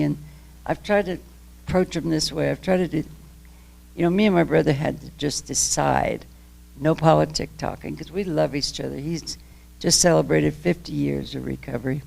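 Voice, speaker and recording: A woman's voice: low-pitched, normal speed, vocal fry, darkish tone. An older woman giving an impassioned talk about her own story. She is emphatic, laughs between points, and rambles with restarts. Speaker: guest speaker. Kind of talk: public talk, candid personal story.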